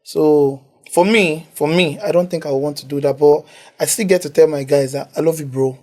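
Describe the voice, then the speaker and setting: A man's voice: on the high side, normal speed, a little mellow. A man, talking heartfelt and emotional in a conversational interview. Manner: emotional, heartfelt, close to tears.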